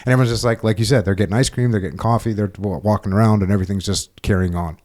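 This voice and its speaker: A middle-aged man with a very low voice hosts a podcast conversation. He talks in a reflective, casual manner, often laughing at his own points. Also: fairly even intonation, racing, a little mellow. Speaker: podcast host, former military.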